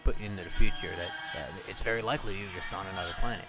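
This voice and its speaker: A man doing a gruff, blunt skeleton. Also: sits low, very fast. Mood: matter-of-fact. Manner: blunt, dismissive. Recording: loud music underneath. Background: loud music.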